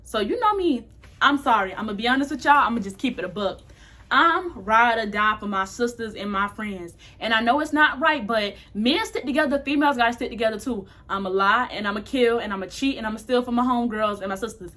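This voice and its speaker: A woman's voice: on the high side, animated, a little fast, bright, forceful tone. A young woman casually telling a candid, slangy storytime to her camera. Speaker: vlogger.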